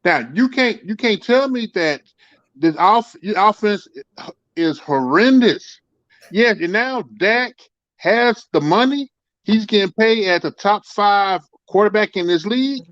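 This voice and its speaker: A man's voice: high voice, lively intonation, measured pace, fairly bright tone, no room sound, dull audio. A man calling in to a casual sports talk show, making his points emphatically and repeating words as he builds them.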